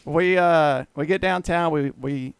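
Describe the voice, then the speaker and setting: A man's voice: fairly high pitch, unhurried, gravelly, clean tone, dry recording, clean studio sound. A man casually telling a long story on a podcast, swearing freely and acting out what others said. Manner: rambling, profane, acts out quoted dialogue. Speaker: guest storyteller.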